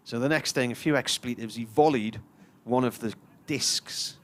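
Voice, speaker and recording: Here a man's medium-pitched voice moves at a moderate pace. He's a cricket commentator spinning a lengthy, conversational story during live play, doing voices for the people in it.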